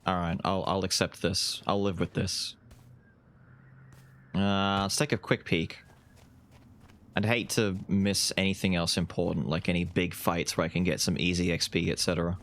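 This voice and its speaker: A man's voice: sits low, normal speed. A man streaming a video game live, casually commentating, swearing and yelping as fights break out. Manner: excitable, swears, yelps during fights.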